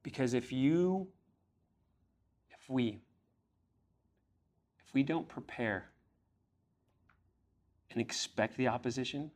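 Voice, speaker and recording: A man's voice: mid-range voice, expressive, slow pace, pauses often, a little mellow. A young man preaching a sermon, reading scripture aloud and pressing his listeners with earnest questions, rising in emphasis on key phrases. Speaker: pastor.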